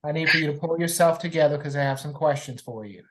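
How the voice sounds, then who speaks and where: Low-voiced woman judge, stern. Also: rough recording. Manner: measured, stern questioning. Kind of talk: court hearing.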